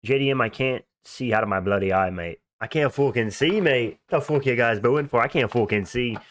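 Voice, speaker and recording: A man putting on a fighter who is shouting indignantly that he cannot see. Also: medium pitch, a little fast, pitched above the performer's own voice, close to an everyday voice. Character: injured Australian fighter man yelling he can't see.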